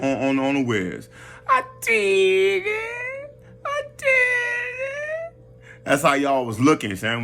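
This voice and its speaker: A man's voice: mid-range voice, a bit bright. A man giving a casual, slang-heavy boxing commentary rant, talking animatedly and restarting his phrases often.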